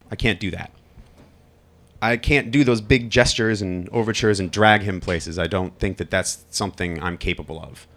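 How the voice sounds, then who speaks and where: Wry, candid male storyteller, low voice. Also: fairly bright tone. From Long Island, New York. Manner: candid, wry, swears freely. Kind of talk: live personal storytelling.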